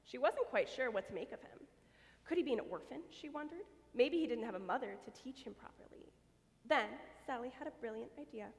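A woman's voice: fairly high pitch, fairly quick. Woman reading a story in a church. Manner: expressive, lively read-aloud. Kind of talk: reading a children's story aloud. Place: church sanctuary. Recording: long church reverb.

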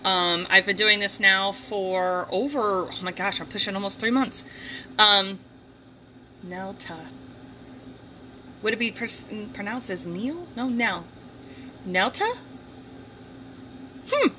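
Woman, middle-aged, from the Northeast US; rambling livestream host, crisp bright voice. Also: medium pitch, normal speed, slight background noise, poor audio. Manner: chatty, rambling, greets viewers by name. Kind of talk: casual livestream chat. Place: home, near a heater and dogs.

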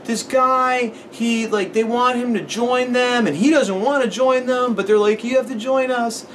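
A man's voice: extremely high pitch, a little slow, a little hiss or hum, pitched above the performer's own voice. A man putting on the voice of a small, chatty boy who talks in a rambling, matter-of-fact way.

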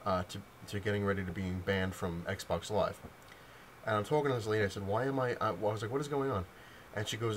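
A man's voice: lowish voice, slight background noise, low-quality recording. Rambling man telling a story. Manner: rambling storytelling with many fillers and restarts. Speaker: vlogger. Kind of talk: casual rant to camera.

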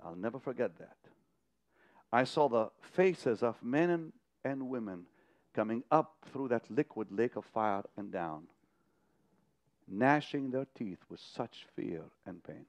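A man preaching a sermon, telling a vision story with dramatic swings from hushed to loud. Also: mid-range voice, expressive, measured pace. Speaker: televangelist. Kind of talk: sermon to partners.

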